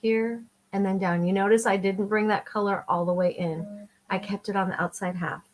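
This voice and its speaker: A woman's voice: mid-range voice, fairly even intonation, normal speed. A middle-aged woman giving a chatty, enthusiastic makeup tutorial while she applies her eyeshadow. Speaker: makeup vlogger.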